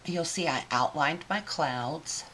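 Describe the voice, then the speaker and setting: An older woman hosting a scrapbooking video, chatting warmly and sentimentally about her layouts and her grandson at home. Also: deep voice, takes it slowly, a little hiss or hum. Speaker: scrapbooking channel host. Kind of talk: casual craft video chat.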